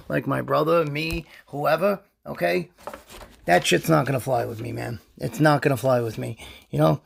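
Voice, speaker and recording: A man's voice: on the high side, creaky, darkish tone. A man telling a long, rambling, profane story as a vlogger, heated and indignant, peppering every line with "you know" and "right?". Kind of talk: casual storytelling rant.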